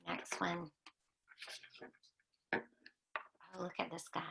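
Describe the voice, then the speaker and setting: Woman librarian for a kids' phonics video, slow and patient, gravelly edge, bright tone. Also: medium pitch, fairly even intonation. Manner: patient, sing-song, drawn-out teacher talk with emphatic repetition. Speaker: children's librarian teaching phonics. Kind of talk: children's phonics lesson.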